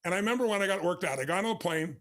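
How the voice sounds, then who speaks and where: A man's voice: high-pitched, racing. A man as an interview guest, telling stories energetically and acting out the dialogue. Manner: energetic, acts out dialogue with big shifts. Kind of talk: animated storytelling in an interview.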